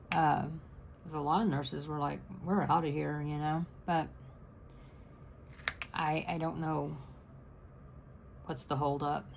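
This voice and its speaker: A woman's voice: sits low, gravelly, darkish tone, a little hiss or hum. A middle-aged woman, chatting casually and rambling to her channel's viewers. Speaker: crafting channel host.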